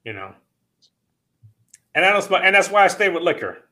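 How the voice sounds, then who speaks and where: A man's voice: high voice, fairly quick. A man hosting a podcast, chatting casually and telling stories with plenty of swearing. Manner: swearing, animated storyteller. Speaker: podcast host. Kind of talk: casual chat.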